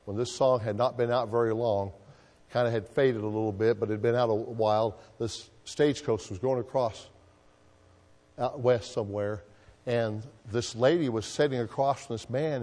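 A man preaches to his congregation, asking them to fill in the verses and answer back. His voice sits at a middling pitch and rings out with long reverb, as in a church sanctuary. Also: darkish tone. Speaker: pastor. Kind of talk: sermon.

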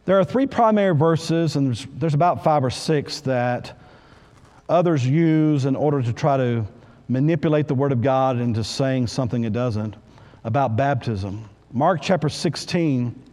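A man's voice: medium pitch, moderate pace, a little mellow, long reverb tail. A middle-aged man preaching a sermon in church, reading scripture aloud and earnestly repeating key phrases.

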